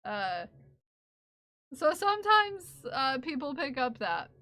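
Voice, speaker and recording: A woman's voice: high voice, very animated, slow pace, bright, forceful tone, dry recording. A woman streamer in casual chat, rambling with many fillers and restarts, her speech drifting between several accents. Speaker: live streamer.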